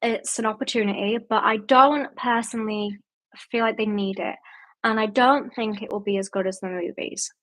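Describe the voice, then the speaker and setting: A woman's voice: fairly high pitch, steady tone, moderate pace, a bit bright. Chatty Yorkshire woman reading out viewer comments. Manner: chatty, reads viewer comments aloud and answers them. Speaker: booktube host. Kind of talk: casual livestream chat.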